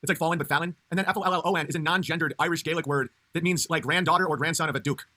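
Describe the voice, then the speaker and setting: A male comedian rambling through a casual livestream. He talks with a high, bright voice, stops and restarts a lot, and laughs easily. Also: racing, a little hiss or hum. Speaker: comedian streamer.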